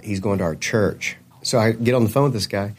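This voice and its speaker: Guy, low voice, telling a story in an interview, does the voices of folks he quotes. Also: brisk, husky. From Kentucky. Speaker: gospel singer guest.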